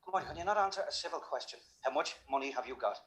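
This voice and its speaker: A man's voice: on the high side, animated, racing, fairly bright tone. An actor playing a menacing Irish man who bullies some lads for their money, in an echoey film clip. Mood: bullying.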